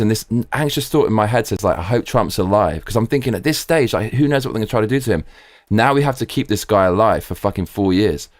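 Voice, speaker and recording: A man hosting a live reaction stream, excitable and profane, reading viewer comments aloud. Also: medium pitch, dry recording.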